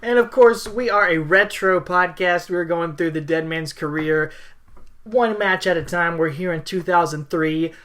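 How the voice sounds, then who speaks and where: A man's voice: on the high side, unhurried, a bit bright. A man co-hosting a wrestling podcast, playful and enthusiastic in his casual chat. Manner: playful, enthusiastic, jokey intros. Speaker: podcast co-host.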